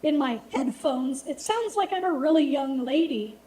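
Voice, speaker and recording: Guy running his mic through a pitch-shifted lady voice, high and kinda dark, jokey. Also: animated, moderate pace. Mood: playful. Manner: playful, self-mocking. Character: young woman made by a voice changer. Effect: pitch-shifting voice changer.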